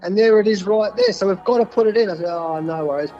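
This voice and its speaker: A man in his fifties with an Australian accent, a cricket coach being interviewed, telling stories in a casual, animated way and often repeating words. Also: sits high, quick pace, lo-fi sound, soft background music.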